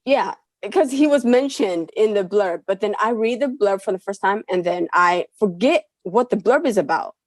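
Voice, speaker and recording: Woman cohost on a book podcast, lots of mm-hmms, medium pitch, dry mic. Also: expressive, moderate pace, hardly any pauses, dry recording. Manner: chatty, frequent agreeing murmurs and laughs. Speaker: podcast co-host. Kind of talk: casual book review chat.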